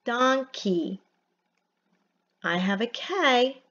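A woman teacher giving a phonics lesson from home, spelling words out letter by letter in a slow, careful way. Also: on the high side, expressive, a bit bright, dull audio.

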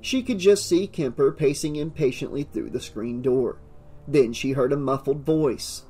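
A man narrating an audiobook in a steady, measured reading. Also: medium pitch, slightly rough, soft background music.

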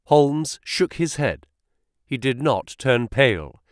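Male audiobook reader, lively delivery, dry booth sound, voices each part. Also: mid-range voice, takes it slowly, no room sound. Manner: expressive reading, each character voiced. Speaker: audiobook narrator. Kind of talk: scripted narration of a classic story.

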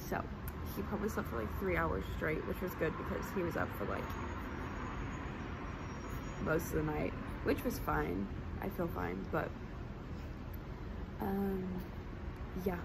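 A young woman vlogging outdoors, her voice carrying a gravelly fry as she rambles along with plenty of fillers and lively ups and downs in pitch. It's a noisy phone recording out in the yard. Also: unhurried, pauses often. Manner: chatty, rambling, lots of fillers. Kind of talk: casual vlog chat. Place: outdoors by a yard with fake grass.

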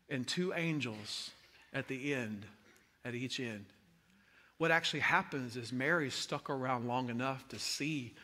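A man preaching a sermon as a pastor, swinging from hushed tones to impassioned shouting. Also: medium pitch. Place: large church hall. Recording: long hall reverb.

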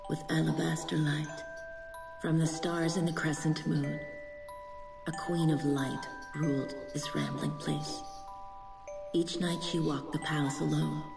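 A game narrator reciting rhyming storybook verse in a slow, measured, lyrical way. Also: medium pitch, creaky. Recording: distant voice with long reverb, music.

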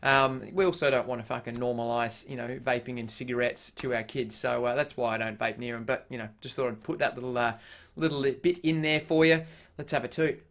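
A man's voice: mid-range voice, fairly even intonation, brisk, fairly bright tone. An Australian man vlogging casually, blunt and heavily profane, with frequent filler sounds. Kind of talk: casual vlog chat.

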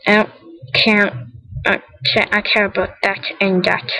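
She's a young gaming vlogger whose medium-pitched, slightly bright voice stays steady and fairly quick in a low-quality recording. While showing her game she gives chatty, rambling, giggly commentary, keeps correcting herself, and says she's tired and cold.

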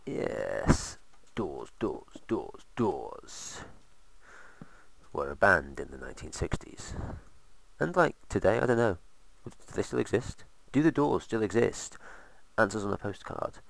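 A man's voice: on the low side, sing-song, normal speed, vocal fry, fairly bright tone, dry recording. A man casually commentating while playing a game, rambling with sarcastic asides. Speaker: let's play host.

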